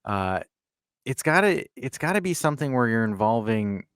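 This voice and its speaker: A man co-hosting a casual podcast, teasing his co-hosts and rambling through animated opinions. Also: medium pitch, normal speed, clear, resonant tone, no room sound, clean studio sound. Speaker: podcast co-host.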